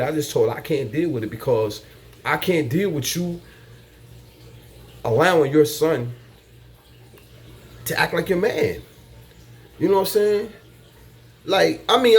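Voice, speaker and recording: Blunt, cussing man lecturing. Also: fairly high pitch. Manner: blunt, profane and preachy, repeats his points. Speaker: vlogger giving dating advice. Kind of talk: casual monologue.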